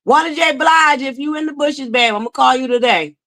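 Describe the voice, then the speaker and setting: A woman's voice: high voice, a little fast, bright, forceful tone. Chatty livestream host woman, drawl. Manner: chatty, greets viewers by name. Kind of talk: casual livestream chat.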